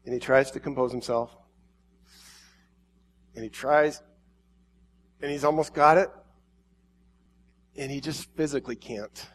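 A man preaching an emotional sermon, swinging between hushed pauses and urgent, quickening passages. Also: medium pitch, fairly even intonation.

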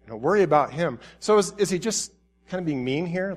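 Man preaching with a higher voice. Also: lively intonation, a little fast. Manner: voices biblical figures with rising, pleading intensity; drops to soft, tender tones for emphasis. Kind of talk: sermon with scripture reading.

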